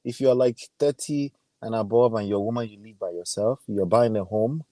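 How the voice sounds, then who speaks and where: A man with a Nigerian accent, a guest on a live stream, giving earnest advice in a halting way. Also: lowish voice, mellow, no room sound. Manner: hesitant, with many fillers and restarts, earnest advice. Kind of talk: casual live-stream chat.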